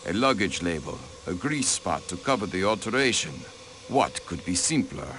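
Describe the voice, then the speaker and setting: An actor voicing a haughty aristocratic diplomat, a count, who answers in a cold, dismissive way, in a video game. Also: male voice, sits low, big pitch swings, normal speed, a bit bright, a little hiss or hum.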